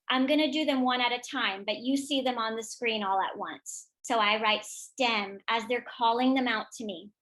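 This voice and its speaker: A teacher trainer with a high, slightly bright voice gives a professional development talk to teachers. She demonstrates classroom vocabulary routines and call-outs, modeling chants with bursts of energy.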